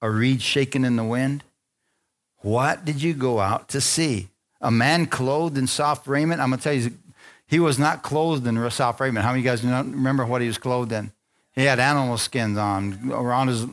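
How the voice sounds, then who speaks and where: A male pastor preaching a lively sermon, retelling a Bible story playfully and often asking his congregation for an amen. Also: medium pitch. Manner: excitable, playful storytelling with call-and-response.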